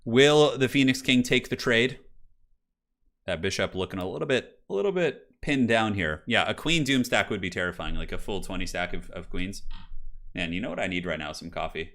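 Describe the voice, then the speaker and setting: A man's voice: lowish voice, lively intonation, normal speed, a bit bright. A man casually commentating a chess match on a live stream, chatty and jokey, answering chat and swearing now and then. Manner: loose fillers, swears casually.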